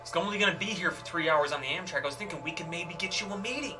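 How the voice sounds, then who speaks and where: A man playing a tabletop game, smooth-talking and persuasive, halting with fillers. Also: fairly high pitch, distant mic, over music. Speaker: player.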